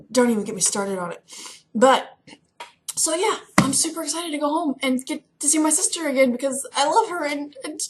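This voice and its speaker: A young woman from Kentucky chatting casually to camera in a vlog, excitable and rambling. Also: high-pitched, brisk. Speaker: vlogger. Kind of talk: casual chat.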